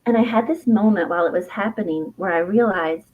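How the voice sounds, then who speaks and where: A middle-aged woman, an herbalist and author, telling a personal story in an interview, reflective and heartfelt, with fillers and soft laughs. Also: medium pitch, a little fast, breathy edge, phone-quality sound.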